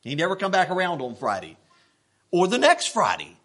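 A man preaching a sermon, telling a story in an animated, worked-up way with plenty of restarts. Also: high voice, moderate pace. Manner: folksy, animated, getting worked up.

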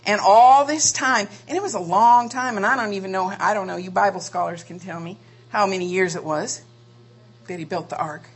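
A woman's voice: medium pitch, moderate pace, husky. A woman preaching a sermon, asking rhetorical questions and drawing out key phrases for emphasis.

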